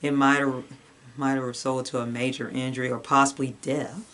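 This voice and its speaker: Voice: medium pitch, flat delivery, a little fast, a bit bright, slight background noise. A co-host in a casual movie review, making plain remarks and short agreeing replies.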